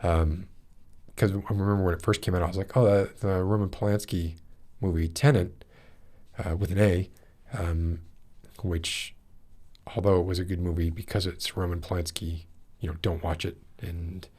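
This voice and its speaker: A man's voice: low voice, level tone, moderate pace, a little mellow. A man hosting a podcast, chatting casually and rambling, with many restarts and fillers as he reads live chat comments aloud. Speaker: podcast host.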